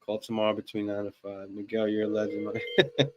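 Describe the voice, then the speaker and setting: A man's voice: lowish voice, monotone, darkish tone, dull audio, slight background noise. A man hosting a live stream, chatting casually and mockingly while he dials phone numbers. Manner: mocking, chatty, reads numbers aloud slowly. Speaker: streamer making prank calls.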